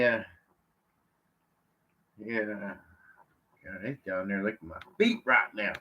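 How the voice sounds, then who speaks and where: A man from California on a live vlog, chatting from his chair at home in a slow, rambling way, full of fillers and restarts. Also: lowish voice. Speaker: vlogger. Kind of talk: rambling live-stream chat. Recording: slightly muffled lo-fi audio.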